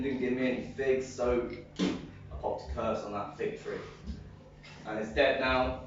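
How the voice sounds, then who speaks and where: An actor playing a stoned, giggly young Jesus with a Liverpool accent, rambling in a live stage comedy sketch. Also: male voice, mid-range voice, a little hiss or hum, lightly acted. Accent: English, Liverpool. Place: club stage, heard from the room. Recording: echoey, distant, muffled lo-fi room recording.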